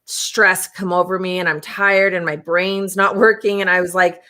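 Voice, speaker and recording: A woman hosting a podcast, telling a personal story in a casual, animated way and laughing often. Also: lowish voice, normal speed. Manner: animated, laughing, acts out her own inner dialogue. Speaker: podcast host.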